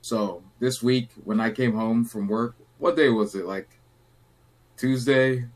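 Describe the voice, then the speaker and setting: This young adult podcast host takes it slow, his medium-pitched voice easing through a rambling story. He stays relaxed on his casual show and acts out quotes from the people involved.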